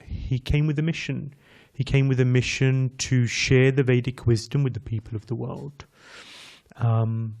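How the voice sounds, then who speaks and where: Visiting English preacher, male, mid-pitched, easygoing sermon that draws in the crowd with questions. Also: darkish tone. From England. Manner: chatty, addresses the audience directly with questions. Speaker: visiting speaker at a temple class. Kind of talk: conversational sermon.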